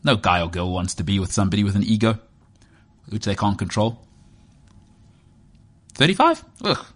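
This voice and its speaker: A man's voice: fairly low pitch, fairly even intonation, quick pace. A man in his thirties with a South African accent, hosting a sports show as a rambling, joking, self-mocking monologue. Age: 30s. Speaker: sports podcast host.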